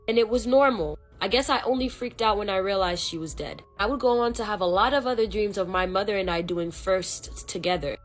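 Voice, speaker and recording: A woman telling a spooky story in casual, conversational second person, with slang and fillers. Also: medium pitch. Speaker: storyteller vlogger.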